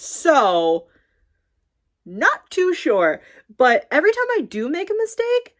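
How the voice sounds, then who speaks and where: A young woman talking casually in a rambling, animated way, swearing often and acting out conversations. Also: on the high side, brisk. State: tearful. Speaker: streamer talking about her library job. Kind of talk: casual chat.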